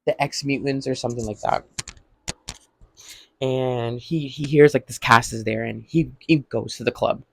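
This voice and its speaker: A man's voice: mid-range voice, steady tone, moderate pace, gravelly, husky. A man casually recapping a TV episode in a vlog, rambling with lots of "like" and acting out what characters say. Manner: rambling, heavy use of "like", acts out quotes. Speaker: vlogger.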